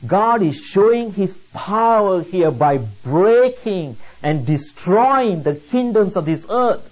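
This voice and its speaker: A preacher delivering a sermon in a slow, emphatic way, asking the listeners one rhetorical question after another. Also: medium pitch, expressive, a little mellow, lo-fi sound.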